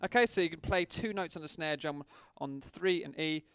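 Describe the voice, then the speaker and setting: A man's voice: fairly high pitch, moderate pace, a bit bright, smooth, no room sound, faint music behind. A man giving a casual drum lesson, chatting and counting beats aloud. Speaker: drum teacher. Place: drum studio.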